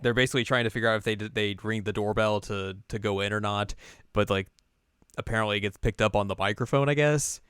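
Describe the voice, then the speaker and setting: A man co-hosting an anime recap show, retelling scenes in casual chat and jumping into squeaky voices for the characters. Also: fast talker, a bit bright, smooth, dry recording, clean studio sound. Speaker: co-host recapping an anime episode.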